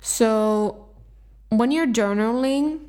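A woman's voice: fairly high pitch, extremely slow, darkish tone. Candid young woman hosting a self-help podcast. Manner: candid, swears freely, talks straight to listeners. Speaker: podcast host. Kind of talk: casual self-help talk.

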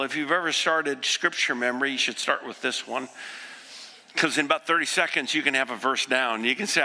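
Gravelly man in his sixties preaching. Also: on the high side. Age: 60s. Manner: earnest, swings from hushed to impassioned. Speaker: pastor. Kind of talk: sermon. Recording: echoey hall with long reverb.

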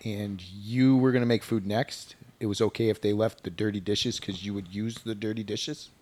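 A man's voice: on the low side, fairly even intonation, normal speed, darkish tone. A man who cooked breakfast, chatting playfully with family and laughing often. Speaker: breakfast cook. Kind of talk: casual family chat.

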